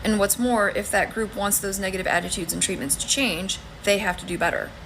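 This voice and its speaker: A woman's voice: medium pitch, steady tone, brisk, a bit bright, a little hiss or hum, poor audio. A woman giving argued commentary in a formal, articulate, lecturing manner.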